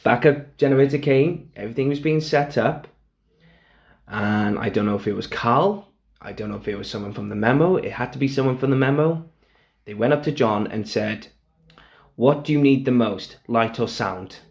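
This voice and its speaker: A man's voice: medium pitch, moderate pace, gravelly. A man co-hosting a podcast, telling a backstage story in casual chat, acting out the quotes and laughing often. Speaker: podcast co-host.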